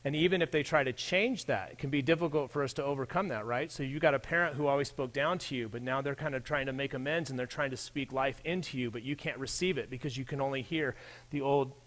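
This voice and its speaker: A man's voice: medium pitch, quick pace, fairly bright tone. A man preaching a sermon in a church, talking in a conversational way and addressing his listeners directly. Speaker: pastor.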